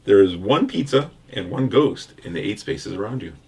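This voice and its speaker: A man acting as game master in a board game playthrough, reading out results in an even, formal way and laughing often. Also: lowish voice, normal speed, creaky, breathy edge.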